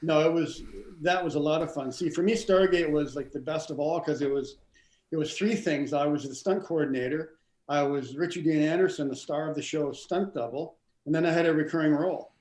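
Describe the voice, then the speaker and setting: A middle-aged man, a stunt coordinator and actor, telling animated, rambling stories in a casual interview, often stammering and restarting. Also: a little high, a little fast. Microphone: video call. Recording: roomy echo.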